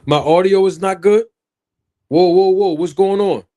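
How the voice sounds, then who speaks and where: Man, live stream host, casual chat, animated and joking, talks straight to his chat. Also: high voice, unhurried. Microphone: own streaming microphone.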